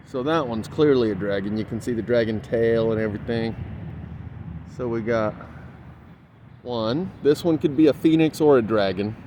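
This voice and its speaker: A man's voice: on the high side, a little mellow. Chatty man filming outdoors. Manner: chatty, pointing things out, counting aloud. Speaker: vlogger. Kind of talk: casual walking commentary to camera. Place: outdoors by a large stone building in a city. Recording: outdoor handheld camera, faint street noise.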